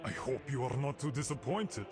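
An actor playing a stern suspicious official with a put-on Russian accent, speaking clipped broken English. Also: male voice, medium pitch, expressive, moderate pace, over music, lightly acted. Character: stern Soviet-style border official, suspicious.

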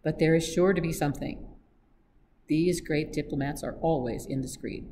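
Reader doing a stiff pompous foreign baron, formal, words all out of order, mellow tone. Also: medium pitch, normal speed, a little hiss or hum, natural voice. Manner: stilted formal speech with scrambled word order. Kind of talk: read-aloud audiobook acting.

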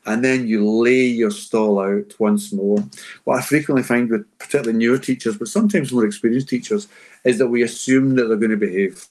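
A man's voice: medium pitch, steady tone, fairly quick, a little mellow. A man answering teachers' questions in an unscripted session, emphatic and conversational. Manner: emphatic and conversational, acting out classroom lines. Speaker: school behaviour adviser answering teachers' questions.

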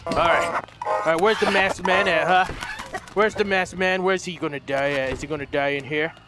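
A man's voice: a little high, steady tone, normal speed. A man doing let's play commentary, jumpy and profane, shrieking when startled and muttering repeated nervous words. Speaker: gameplay commentator. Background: game music.

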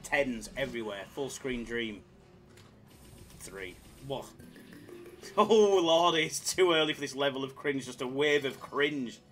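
A man chatting casually on his live slots stream, excitable and self-mocking, swearing freely as he reads the chat. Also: mid-range voice, a little slow, soft background music.

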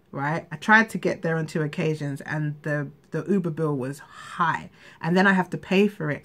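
A woman's voice: fairly low pitch, bright, forceful tone. A woman venting in a candid personal vlog, rambling and frustrated, with frequent restarts. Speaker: vlogger.

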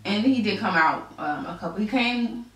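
A woman's voice: mid-range voice, expressive, moderate pace, fairly bright tone. A woman in her twenties talking casually as an interview guest, chatty with many fillers and restarts. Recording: very echoey room, distant mic.

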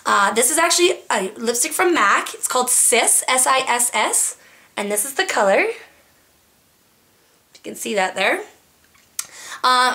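Bright, chatty young woman vlogger. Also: fairly high pitch. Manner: chatty and enthusiastic, many fillers. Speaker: beauty vlogger. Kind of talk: casual monthly favorites review.

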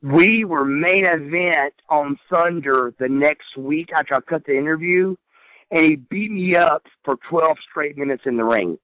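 A middle-aged man, once a wrestler, tells stories from his career in a candid, animated way. His voice sits a little high and sounds close and dry. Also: unhurried, no room sound, rough recording. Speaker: former pro wrestler. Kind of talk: shoot interview storytelling.

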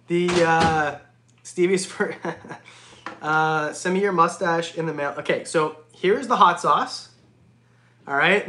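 A man hosting a casual reptile livestream, jokey and excitable, often breaking into laughs. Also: on the high side. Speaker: reptile channel host. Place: home reptile room. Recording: echoey room.

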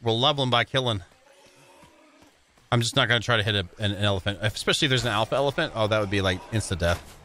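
A man's voice: lowish voice, fast talker, bright, forceful tone, a little hiss or hum. A young man playing a game with a friend, chatting casually, often stumbling and restarting his sentences. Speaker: co-player. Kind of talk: casual gameplay chat.

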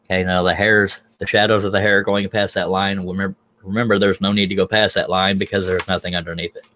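A man's voice: low-pitched, little pitch movement, fast talker, bright, forceful tone, a little hiss or hum. A man hosting a live drawing tutorial, folksy and joking, thinking aloud as he works. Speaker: scroll saw pattern artist, livestream host.

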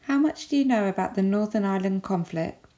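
A woman with an English accent, giving a recorded lesson as a teacher with clear, measured explanations. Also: mid-range voice, expressive, dark tone.

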